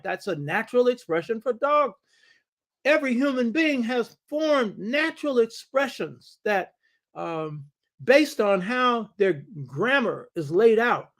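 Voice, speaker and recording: A man hosting and lecturing on history and culture, emphatic and preacherly, stressing his points by repeating them and throwing rhetorical questions at the listener. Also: high voice. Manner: repeats key phrases for stress. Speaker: host and lecturer.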